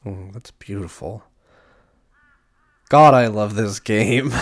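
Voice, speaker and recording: A man's voice: on the low side, takes it slowly, pauses often, dry recording. A man giving casual, wry commentary while playing a story game, swearing often. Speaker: let's play host.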